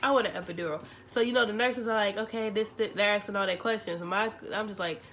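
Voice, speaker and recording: A young woman, telling a story to her vlog audience in a chatty, animated way, acting out the dialogue. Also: mid-range voice, fast talker, slight background noise. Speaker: vlogger. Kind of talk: casual storytelling.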